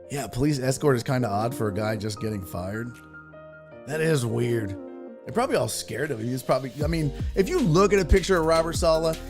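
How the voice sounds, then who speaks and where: A man hosting a live-streamed sports talk show, ranting with lots of profanity and answering viewer chat. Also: medium pitch.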